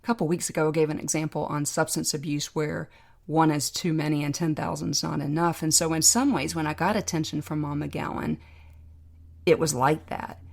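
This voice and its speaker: Low, gravelly-voiced woman telling her story. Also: fairly even intonation. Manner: reflective, heartfelt, measured. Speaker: podcast guest. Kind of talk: personal storytelling.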